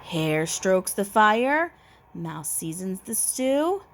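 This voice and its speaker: Slow expressive woman reading a picture book. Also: medium pitch. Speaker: children's book reader.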